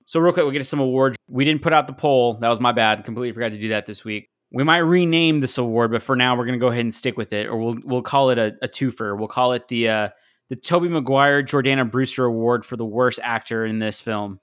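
A man's voice: medium pitch, quick pace, a bit bright. Chatty male podcast host. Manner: chatty, self-correcting, laughs easily. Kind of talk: casual podcast chat.

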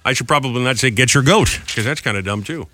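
A man's voice: mid-range voice, quick pace, bright, forceful tone, no echo. A middle-aged man co-hosting a morning radio show, chatty and self-deprecating in casual studio banter. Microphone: studio microphone.

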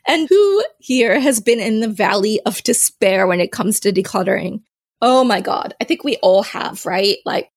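On her solo podcast, a female host talks casually, chatty and self-deprecating, often laughing at herself. Her medium-pitched voice has vocal fry and sounds slightly rough.

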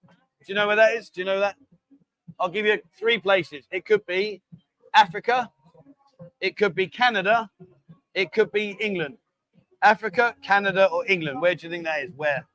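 A man's voice: sits high, moderate pace, pauses often, fairly bright tone, no echo, rough recording. A man hosting a casual live show in a bar, joking, coaxing guests into quizzes and drinking games, calling them darling. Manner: jokey, bossy, coaxing, calls people darling. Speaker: host.

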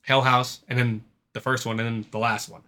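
A man's voice: mid-range voice, little pitch movement, fairly quick, sharp tone. Laid-back swearing podcast co-host, young man. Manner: laid-back, swears freely, laughs often. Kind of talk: casual chat.

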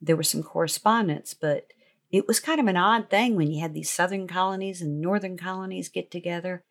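Low, gravelly-voiced woman storyteller. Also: brisk. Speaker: author, podcast host. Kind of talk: reflective podcast commentary.

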